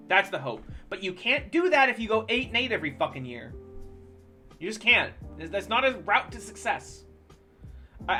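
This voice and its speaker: Game streamer mid-rant: animated delivery with a bright, forward tone. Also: medium pitch. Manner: animated, profane sports ranting. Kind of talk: casual rant while live-streaming a game.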